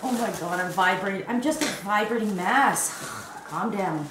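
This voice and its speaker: A Canadian woman in her fifties, a crochet vlogger, chatting casually on camera and gushing with excited, breathless giggles. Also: mid-range voice, moderate pace, noisy background. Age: 50s. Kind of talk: casual vlog unboxing. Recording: echoey room.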